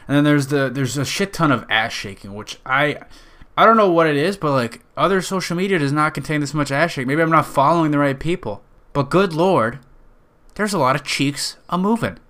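A man's voice: fairly high pitch, animated, brisk, fairly bright tone. Nasal Western New York man rambling. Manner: rambling, profane, jokey. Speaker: podcast host. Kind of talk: casual podcast monologue.

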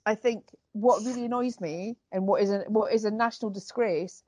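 A woman's voice: medium pitch, brisk, a little mellow, no echo. A Scottish woman co-hosting a podcast in casual chat, giving blunt, exasperated opinions. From Scotland. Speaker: podcast co-host.

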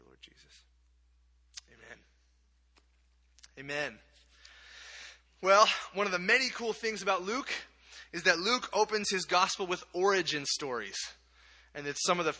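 Bright-voiced young man preaching. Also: high-pitched. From Kenya. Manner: chatty, self-deprecating, many restarts. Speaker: camp speaker. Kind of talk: sermon with prayer and personal stories. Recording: long hall reverb.

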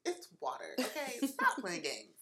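A woman's voice: on the high side, wildly swooping pitch, a little slow, a crowd in the background. A woman co-hosting a casual chat, playful and laughing often. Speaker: podcast co-host.

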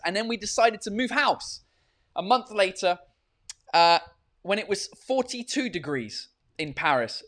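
A man's voice: high-pitched, fairly bright tone. A man hosting a casual live-stream podcast, rambling and swearing freely as he chats from a hot room with a fan running. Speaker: podcast and livestream host.

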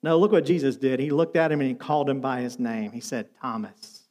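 A middle-aged male pastor preaching a sermon, telling stories and moving between lively and soft, tender delivery. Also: medium pitch, quick pace.

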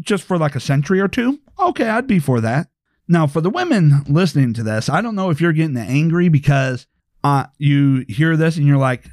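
A man's voice: on the high side, darkish tone, dry recording, studio quality. Provocative man lecturing on a podcast. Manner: provocative, lecturing, asks rhetorical questions. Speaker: podcast host. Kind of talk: opinionated podcast monologue.

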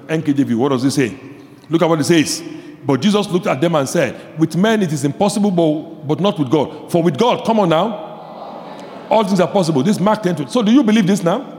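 A male pastor preaching a sermon, swinging from quiet asides to shouted emphasis, repeating phrases and asking the audience questions. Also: a little high, in a large hall.

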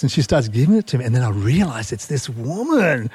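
A middle-aged man spins an anecdote, laughing between lines and restarting phrases as he goes. His voice is husky and swings freely up and down, recorded dry and close. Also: mid-range voice, moderate pace, no echo. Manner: animated, laughs often, restarts mid-phrase. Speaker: guest, marine scientist. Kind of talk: casual storytelling chat.

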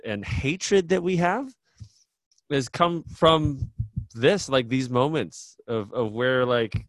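A man's voice: medium pitch, no room sound. A man hosting a casual interview, talking candidly and rambling with self-deprecating laughs. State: tired new parent. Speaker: podcast host.

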